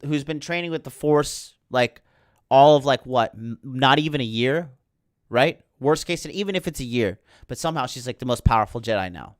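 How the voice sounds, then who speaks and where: A man's voice: mid-range voice, no echo, clean studio sound. A man hosting a podcast, ranting about a film in a heated, sarcastic way full of swearing. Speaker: podcast host.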